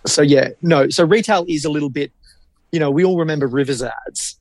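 A man's voice: a little high, brisk, a little mellow, no room sound. A man, co-hosting a podcast as a marketing creative in casual chat, blunt and opinionated and swearing freely.

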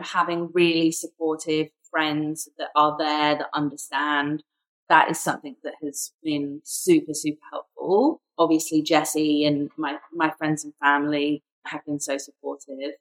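A woman's voice: low-pitched, fairly even intonation, a little slow, rough recording. A young woman guest on a podcast, speaking reflectively and openly about personal struggles. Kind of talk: candid conversational interview.

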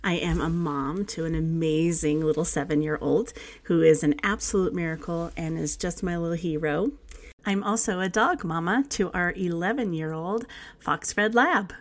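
A woman in her forties speaks in an earnest, heartfelt monologue as the host of a faith podcast. Her voice sits a little low for a woman. She talks softly and warmly sincere. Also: moderate pace. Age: 40s.

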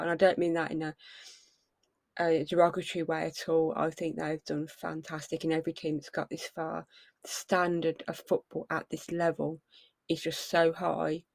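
Low-voiced woman podcaster, dry sound. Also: monotone, normal speed, vocal fry, no echo. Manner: rambling, many fillers and restarts. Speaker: podcast co-host. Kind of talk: casual podcast chat.

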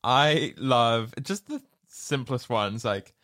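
Animated man co-hosting a podcast. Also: medium pitch, moderate pace, no room sound, clean studio sound. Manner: animated, laughing, playful quoting. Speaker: podcast co-host. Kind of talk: casual film review chat.

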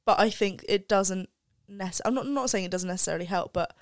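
Young woman, smooth dry voice. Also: medium pitch, brisk, no room sound. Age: young adult. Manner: candid, swears freely, reflective. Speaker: podcast guest, undergraduate. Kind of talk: casual chat.

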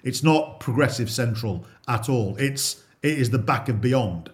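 A man's voice: mid-range voice, measured pace. A middle-aged man from England, a guest in an interview, telling his story in a plain-spoken way with frequent repeats and restarts.

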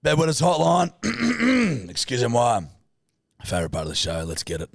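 A man's voice: medium pitch, wildly swooping pitch, moderate pace, gravelly, fairly bright tone, husky, dry recording, studio quality. A young man, co-hosting a podcast in laid-back, swearing casual chat with lots of laughs. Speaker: podcast co-host.

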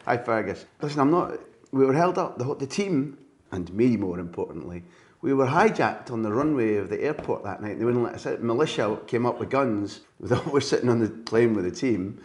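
A man's voice: medium pitch, animated, fairly quick, a little mellow. A Scottish man hosting a podcast, a football journalist telling rambling, vivid anecdotes. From Scotland. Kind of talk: casual chat.

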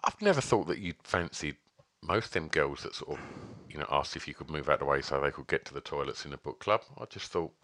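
A man with a very low voice that still swings widely in pitch, trading dry teasing jabs as a podcast co-host. The tone is bright and close, recorded dry without room echo. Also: expressive, quick pace. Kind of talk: casual chat.

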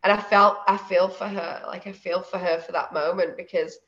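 A woman chatting casually as an interview guest, animated, laughing often and swearing freely. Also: on the low side, moderate pace, highs cut off. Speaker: evicted reality show contestant, guest.

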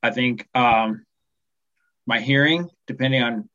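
A man in his forties from the USA, a podcast guest chatting casually, talking haltingly with many restarts and small chuckles over a remote call. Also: medium pitch, a bit bright, muffled recording. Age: 40s. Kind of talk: casual conversation.

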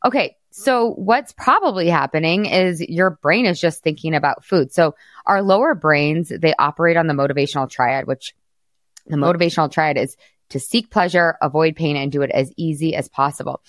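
An upbeat woman coach in her thirties talks a client through her habits with easy laughs and patient explanations. Her voice sits low for a woman. The sound is dry and close, with no room around it. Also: normal speed, dry recording. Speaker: weight-loss coach and podcast host. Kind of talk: coaching conversation.

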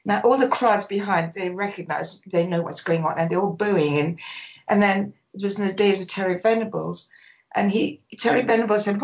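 An older woman, a sports photographer, telling animated stories in a radio interview and acting out quotes. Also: mid-range voice, brisk, low-quality recording. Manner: animated storyteller, acts out quotes.

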